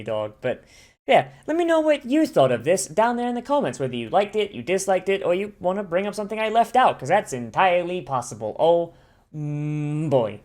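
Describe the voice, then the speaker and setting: An excitable reaction host talking casually through an anime episode, swearing freely and tripping over restarts. The talk runs at mid pitch and swings between loud enthusiasm and mumbled asides. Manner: profane, enthusiastic, rambling with many restarts. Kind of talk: casual watch-along commentary.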